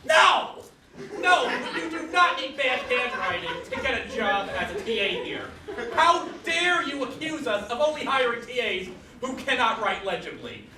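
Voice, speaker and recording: A man's voice: extremely high pitch, very animated, unhurried, crowd noise, full character voice. A young man in a student comedy sketch playing a pompous university official who mock-apologizes. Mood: indignant. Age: young adult. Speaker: sketch actor. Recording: echoey room, far mic, noisy.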